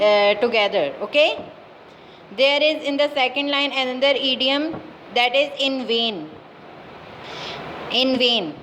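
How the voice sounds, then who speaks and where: A woman teacher with a Pakistani English accent giving a class lesson, dictating words slowly and repeating them with many fillers. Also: high-pitched, fairly bright tone, a little hiss or hum, low-quality recording. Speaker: school teacher.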